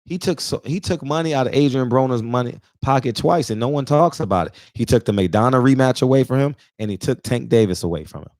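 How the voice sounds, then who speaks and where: A man in his forties, a regular on a barbershop talk show, delivers an emphatic, preachy, casual monologue, emotional and near tears, repeating points to drive them home. His medium-pitched, slightly mellow voice moves quickly with few pauses, recorded dry with clean studio sound.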